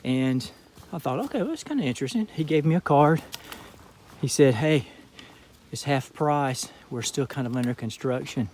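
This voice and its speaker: Slow-talking Georgia man on a trail. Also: mid-range voice, a little hiss or hum. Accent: Southern US (Georgia). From southern Georgia, USA. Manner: relaxed storytelling, reflective and faith-minded. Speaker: thru-hiker vlogger. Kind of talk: casual trail vlog talk. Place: outdoors on a hiking trail.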